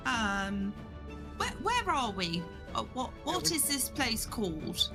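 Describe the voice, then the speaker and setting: Woman putting on dithering Nana Esme, high and sing-song. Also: sing-song, takes it slowly, sharp tone, faint music behind, exaggerated voice. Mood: hesitant. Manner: keeps calling people darling and dear, dithering. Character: flustered elderly grandmother, overly polite.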